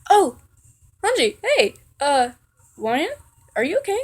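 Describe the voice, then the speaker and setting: A woman's voice: high-pitched, sing-song, takes it slowly, full character voice. A woman voicing an easygoing young man who hesitates and stammers. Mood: startled.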